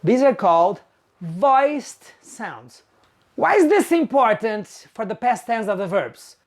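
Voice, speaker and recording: A woman teaching English pronunciation, saying each example sound slowly and deliberately. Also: fairly high pitch, very animated. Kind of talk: slow pronunciation lesson.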